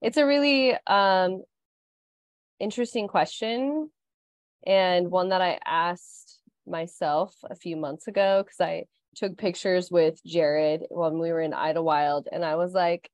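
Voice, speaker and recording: A woman's voice: on the low side, steady tone, measured pace, no echo. Earnest reflective woman in casual chat. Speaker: podcast co-host.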